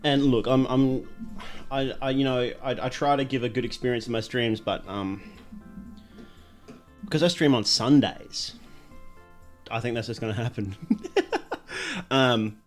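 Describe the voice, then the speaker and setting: A man's voice: mid-range voice, steady tone, unhurried, pauses often, soft background music. A man, chatting casually on a livestream, rambling with many fillers and restarts.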